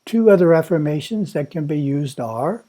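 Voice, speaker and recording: Mellow-voiced man giving a measured spiritual talk. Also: fairly high pitch, lively intonation. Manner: measured, instructive, slow. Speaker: monastery teacher. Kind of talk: prepared spiritual talk read aloud.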